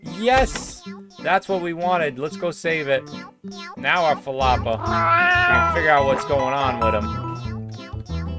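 A woman giving casual, excitable commentary while playing a video game, often breaking into panicked shouts and squeals. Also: deep voice, slow, pauses often. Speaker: gaming video host. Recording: loud game music behind. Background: loud game music.

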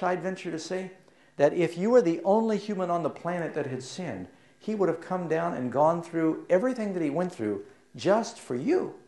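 A middle-aged man preaching with a fairly high voice that rises and falls a great deal. He tells stories and puts questions to his listeners, and he drops soft and low for the sad parts. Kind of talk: sermon.

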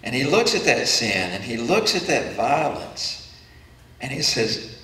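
A man's voice: mid-range voice, very animated, a little slow, pushed and bright. A man preaching an earnest sermon as pastor, voicing the questions of the faithful. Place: church sanctuary. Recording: echoey church room from far off.

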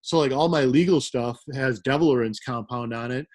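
This middle-aged guest from the American Midwest, a rave promoter, tells stories in a casual, rambling way, frequently laughing and leaning on fillers. His medium-pitched voice has a darkish tone and moves a little fast.

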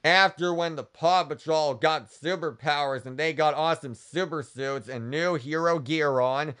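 A man retelling a cartoon story for kids as a channel host, stringing events together with "and then" in a halting way. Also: a little high, pushed and bright, clean tone.

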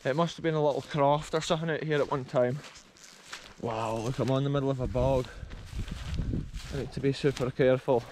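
A man's voice: mid-range voice, fairly even intonation, a little fast, darkish tone, poor audio. A man with a Scottish accent narrating a casual walking vlog on a windy rural hillside, enthusiastic and often calling his viewers folks. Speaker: vlogger exploring abandoned places.

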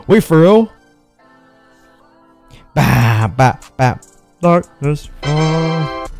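A young man streaming a video game, reacting loudly with shouts, gasps and swearing. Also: mid-range voice, sing-song, unhurried, music in the background. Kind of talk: live game commentary.

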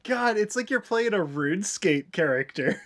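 Male podcast co-host, bright tone, slightly high, quick jokey asides. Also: lively intonation. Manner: laughs often, quips short jokes. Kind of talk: casual chat.

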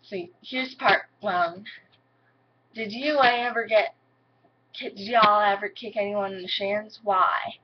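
A woman's voice: medium pitch, steady tone, slow, dull audio. A young woman chatting to camera in a rambling, giggly way, filling her talk with "like", recorded indoors at home. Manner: rambling, giggly, heavy use of "like". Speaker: vlogger. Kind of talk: casual chat to camera.

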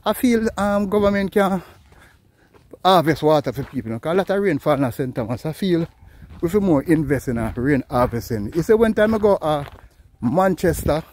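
A man's voice: on the high side, normal speed. A Jamaican man chatting casually in patois as he walks a hillside road for his vlog, rambling and calling out greetings. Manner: lively, rambling patois talk, calls out greetings to passers-by. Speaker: vlogger. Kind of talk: casual walking vlog chat.

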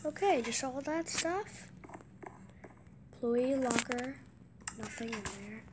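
An excitable woman casually commentating a game, gasping with surprise and slipping into hushed asides. Her voice is high, and she talks at an unhurried pace. There is a faint noise underneath. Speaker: gameplay commentator.

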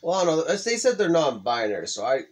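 A young man hosting a let's play, chatting casually and swearing, yelling out when the game startles him. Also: fairly high pitch, big pitch swings, quick pace. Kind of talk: casual gaming commentary.

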